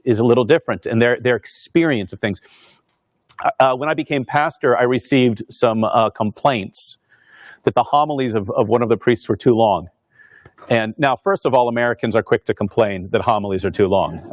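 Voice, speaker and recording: A pastor gives a relaxed lecture, talking in a loose, conversational way and often restarting his sentences. His voice sits at an ordinary middle pitch. The recording is dry, with no room echo. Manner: conversational with many restarts and fillers. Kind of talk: informal lecture talk. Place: Northern Virginia parish pastor speaking at a university.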